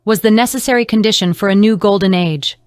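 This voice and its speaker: A woman's voice: mid-range voice, fast, no room sound, close to an everyday voice. A woman reading the part of a stern, domineering woman interrogator in an audiobook, in a cold, mocking manner.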